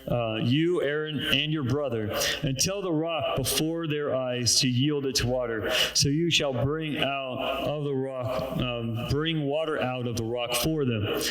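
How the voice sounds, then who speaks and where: A man's voice: medium pitch, fairly bright tone. A man preaching a casual, joking sermon and reading scripture aloud, chuckling at his own jokes. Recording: very echoey room.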